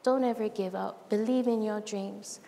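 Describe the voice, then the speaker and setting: A woman's voice: mid-range voice, fairly even intonation, moderate pace, creaky, dark tone. A woman giving a heartfelt public talk on a large event stage, telling stories animatedly with quoted dialogue. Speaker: speaker at a live event. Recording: long hall reverb, faint noise.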